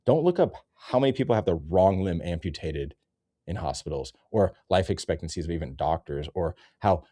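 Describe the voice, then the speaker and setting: A man's voice: deep voice, dark tone, no room sound, clean studio sound. A man ranting in a sarcastic, rambling comedy commentary, cursing often.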